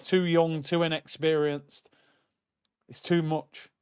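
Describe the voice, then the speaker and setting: A man's voice: a little high, flat delivery, takes it slowly, darkish tone, clean tone. A man hosting a live football watchalong, ranting in exasperation and reading out chat messages. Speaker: host of a football watchalong stream.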